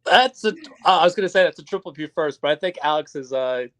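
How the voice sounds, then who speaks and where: High bouncy-voiced guy on a fight podcast, teasing the others, jokey. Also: expressive, fast, a bit bright. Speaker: podcast co-host. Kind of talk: casual fight-picks chat.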